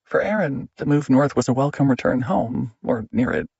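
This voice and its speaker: A man narrating an audiobook in a measured, steady reading. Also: mid-range voice, vocal fry, breathy edge, no echo, dull audio.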